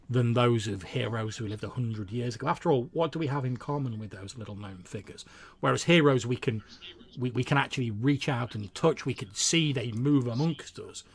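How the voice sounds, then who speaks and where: Gravelly-voiced wandering bard, flowery and stammering, eager for tales; a man voices him. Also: medium pitch, voice pushed up, natural voice.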